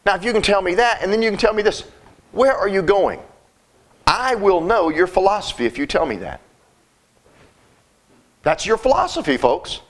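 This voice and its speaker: A high-pitched man preaches a sermon, talking to his listeners in a folksy, emphatic manner. He often stumbles and repeats words as he builds each point. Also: sing-song, fairly quick, pauses often.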